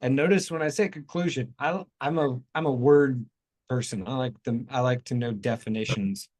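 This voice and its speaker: A man's voice: mid-range voice, darkish tone. A man hosting a talk show, explaining ideas in a rambling, self-correcting way. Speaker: show host. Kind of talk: casual talk show chat.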